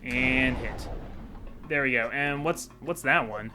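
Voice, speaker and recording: A man's voice: medium pitch, slow, background noise. A man giving rambling, casual commentary while playing a video game, chatty and self-deprecating. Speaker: video game let's-play host.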